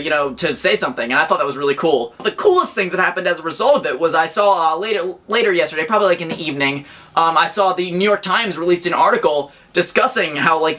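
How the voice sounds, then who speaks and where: Bright, excitable young American man. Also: a little high. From United States. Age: young adult. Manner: excitable, jokey, rambling with restarts. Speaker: vlogger. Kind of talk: casual vlog to camera. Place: bedroom indoors.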